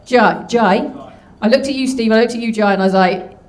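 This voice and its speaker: A woman's voice: a little high, moderate pace. A woman doing stand-up crowd work, cheeky and teasing as she chats with the audience. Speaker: stand-up comedian. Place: comedy club stage. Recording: echoey live club with crowd.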